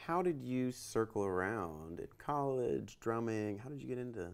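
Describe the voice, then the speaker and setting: A man's voice: mid-range voice, lively intonation, moderate pace. A man hosting a podcast, asking curious follow-up questions in a casual chat. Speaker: podcast host and interviewer.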